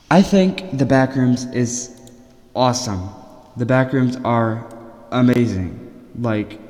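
A man's voice: mid-range voice, a little mellow. Nervous young man in an echoey room. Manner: nervous, halting, stumbles over words. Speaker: podcast host. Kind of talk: reading lore aloud, then casual sign-off. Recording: echoey room with long reverb.

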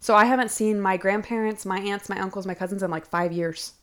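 A young woman in casual podcast chat, talking fast and loose with lots of "like" and the odd swear. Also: medium pitch, fairly even intonation, a bit bright. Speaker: podcast co-host.

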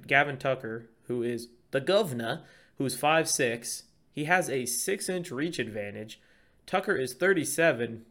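A man co-hosting a casual fight-betting podcast, excitable and profane, hyping up his picks. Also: medium pitch. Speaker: podcast co-host. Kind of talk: casual chat.

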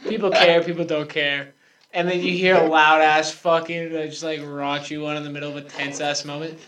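A man's voice: fairly high pitch, little pitch movement, fairly quick, far from the mic, noisy background. A young man co-hosting a podcast, joking and laughing a lot in a casual comedic chat. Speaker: podcast co-host.

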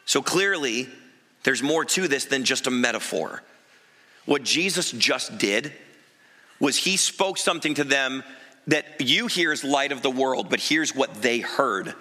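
A man preaching a sermon as pastor in a church, telling the story in an animated way with emphatic asides. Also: medium pitch, a little slow. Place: church sanctuary. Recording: long reverb of a large church hall.

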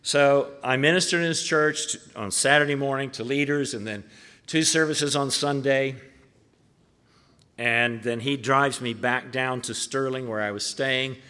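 A man's voice: mid-range voice, measured pace, pushed and bright, smooth. A man preaching a sermon in a church, chatty and often using filler words. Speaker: pastor. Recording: echoey hall.

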